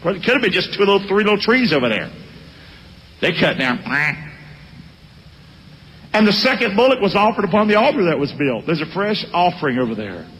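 A man's voice: high-pitched, fairly quick, pauses often, a little hiss or hum. A man, preaching a sermon and calling for responses from the congregation. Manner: animated, calls for responses from the congregation. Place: church sanctuary. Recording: long reverb of a large hall.

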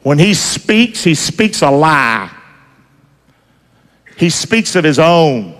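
A man's voice: fairly high pitch, sing-song, slow, a bit bright, big-room sound. A man preaching a sermon, quizzing the congregation for call-and-response in a folksy, emphatic way.

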